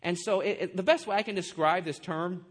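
High-voiced man preaching with animated delivery. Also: fairly quick. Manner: animated, conversational preaching with asides to the congregation. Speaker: pastor. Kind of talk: sermon.

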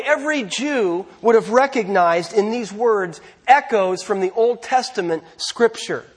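A man preaching a sermon as pastor, earnest, slowing down to stress key phrases. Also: high-pitched.

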